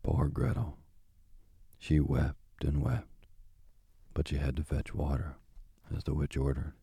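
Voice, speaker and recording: Very deep gravelly male storyteller. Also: dark tone, dry recording. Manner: slow and soothing. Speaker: bedtime story reader. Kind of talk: calm sleep-story narration.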